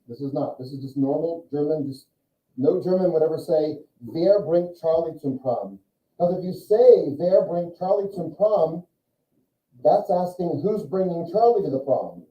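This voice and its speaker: A male teacher giving a classroom lecture, talking casually and asking his students questions. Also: fairly high pitch. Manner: conversational, asks the class questions. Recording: echoey, distant, muffled classroom recording.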